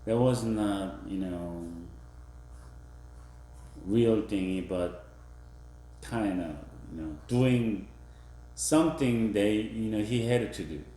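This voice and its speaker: A male professor giving a classroom lecture, halting with fillers and restarts, acting out example phrases in different tones. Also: lowish voice, dark tone, echoey room. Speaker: university professor.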